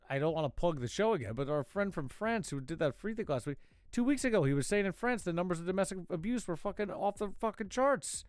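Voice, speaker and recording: A man's voice: on the high side, dry recording. Sarcastic, profane man riffing on news. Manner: sarcastic, profane, mocking asides. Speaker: talk show host. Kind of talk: casual comedic news riff.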